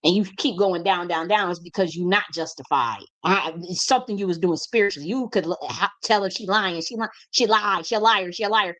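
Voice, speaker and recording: A woman's voice: lowish voice, brisk, few pauses, a bit bright. Blunt, profane woman preaching with fire. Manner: emphatic, repeats phrases for stress. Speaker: spiritual teacher. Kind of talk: impassioned monologue.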